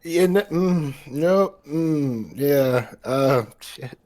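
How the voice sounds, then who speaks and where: A man's voice: fairly high pitch, animated, drawn-out words, dark tone. A man playing in a tabletop game, hesitant and giggly, hedging with lots of fillers. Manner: hesitant, laughing, full of fillers. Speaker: player. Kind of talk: casual tabletop play.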